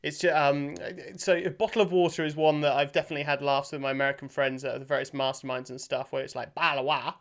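A man's voice: fairly high pitch, little pitch movement, quick pace, creaky, few pauses. A British man hosting a casual interview, chatty and full of fillers, laughing easily. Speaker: podcast host.

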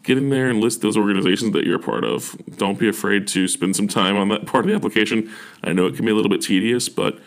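A man's voice: on the low side, quick pace. A young man working as a university admissions officer, giving earnest, encouraging advice in a casual talk, with frequent fillers and restarts.

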